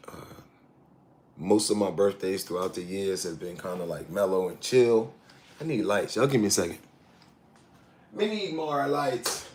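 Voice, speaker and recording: A man's voice: low-pitched, lively intonation, unhurried, long pauses, a little mellow, slight background noise. A man in his sixties casually chatting on a live stream, reading viewer comments aloud and laughing often. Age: 60s. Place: outdoors in hot weather in Thailand.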